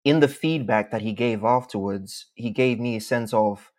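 A man from Zimbabwe, a speech contest champion, answering interview questions in a measured, articulate way with formal phrasing. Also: mid-range voice, darkish tone.

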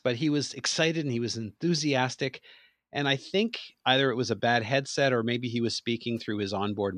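A man's voice: mid-range voice, a bit bright, no room sound, studio quality. Friendly male host telling an anecdote. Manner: friendly, anecdotal, asks questions. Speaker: podcast host. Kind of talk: conversational interview.

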